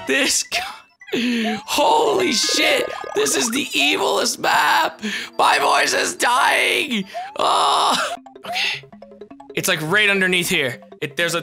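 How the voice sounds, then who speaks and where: A young woman giving live commentary on her gameplay, excitable and swearing often as she yells at the game. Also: on the high side, a little slow, vocal fry, soft background music. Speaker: gaming video host.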